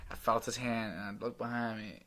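A man's voice: on the low side, fairly even intonation, brisk, very noisy. A young man as a podcast guest, chatting and telling stories in a laid-back way. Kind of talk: casual chat.

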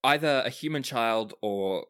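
A man narrating a tabletop game as game master, lively and hesitant with fillers. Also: mid-range voice, measured pace, clean tone.

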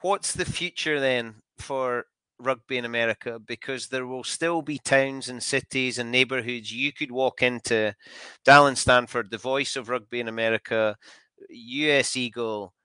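A man's voice: medium pitch, fairly even intonation, normal speed, pushed and bright, clean tone, dry recording. A man hosting an interview, asking long, enthusiastic questions that ramble, with frequent restarts. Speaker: podcast host.

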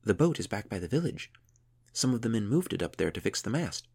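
A man's voice: fairly low pitch, sing-song, brisk, vocal fry, darkish tone, breathy edge, voice pushed up, full character voice. Man doing a bold, determined young woman.

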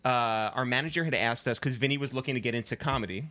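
A man's voice: medium pitch, rapid-fire. Easygoing male podcast host. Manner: relaxed storyteller with many fillers. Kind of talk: casual chat.

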